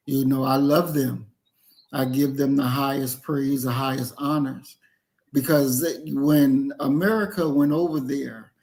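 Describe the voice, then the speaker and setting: Male host, gravelly fry in his voice, calm measured replies, mid-pitched. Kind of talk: casual discussion.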